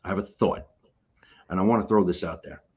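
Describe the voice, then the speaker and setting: A middle-aged man speaks in a husky, slightly low voice, hammering home his points as a motivational coach. He repeats key phrases for emphasis and talks bluntly and casually. The call audio is dull and lo-fi. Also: a little fast, a little mellow. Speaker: guest life coach. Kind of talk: motivational talk on a video call.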